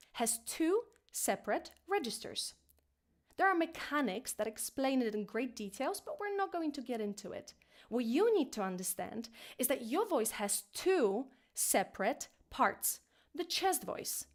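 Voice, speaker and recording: A woman teaching an online singing lesson, encouraging and playful, now and then jumping into a high head voice.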